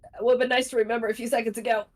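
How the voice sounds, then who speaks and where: A woman's voice: a little high, flat delivery, rapid-fire, darkish tone. A woman playing in a tabletop game, chatty and joking. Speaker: player. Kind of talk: casual chat.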